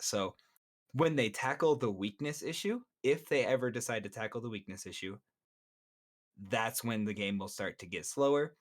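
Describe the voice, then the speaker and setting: A man's voice: mid-range voice, normal speed. A man co-hosting a casual podcast, explaining game mechanics at length and swearing now and then. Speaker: podcast co-host. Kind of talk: casual chat.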